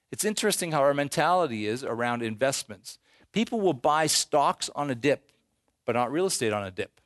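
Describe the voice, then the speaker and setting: A man giving a live presentation on real estate investing to an audience, animated and joking, sometimes slipping into voices for the people he quotes. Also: mid-range voice, no room sound, clean studio sound.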